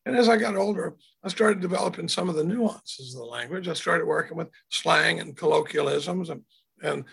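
A man playing a gravelly old hound dog bragging. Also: fairly high pitch, normal speed, fairly bright tone, heavily acted. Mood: boastful. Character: old red hound dog, male, smooth-talking storyteller.

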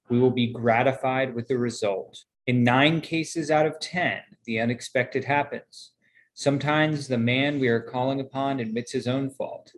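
A man reading a passage aloud at a group meeting in a steady, even way. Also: mid-range voice, slight background noise, rough recording. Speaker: reader at a recovery meeting.

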